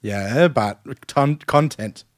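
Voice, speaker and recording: A man with an Australian accent co-hosting a casual podcast chat, easygoing and quick to laugh. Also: mid-range voice, no room sound, clean studio sound. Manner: easygoing, laughs often, agreeable. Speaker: podcast co-host.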